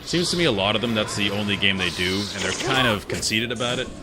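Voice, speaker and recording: A man's voice: lowish voice, animated, quick pace. A gaming streamer, a man, chatting casually and opinionatedly while he plays. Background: game music.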